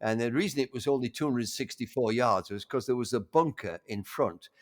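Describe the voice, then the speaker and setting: An older man reminiscing in a casual conversation, halting with frequent restarts and warmly enthusiastic. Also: mid-range voice. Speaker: interview guest.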